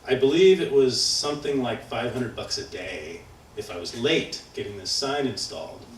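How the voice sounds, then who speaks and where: A man's voice: medium pitch, animated, moderate pace, slight background noise. Man telling a story in a roomy hall. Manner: conversational, self-deprecating, acts out dialogue. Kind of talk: live storytelling. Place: community event hall. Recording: roomy hall, heard from far off.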